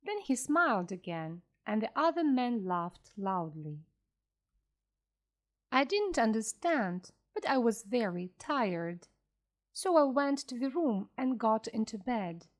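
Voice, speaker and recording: A woman reading a classic story aloud slowly and clearly for English learners. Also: a little high. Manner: slow, clear, expressive reading. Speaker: audiobook reader for learners.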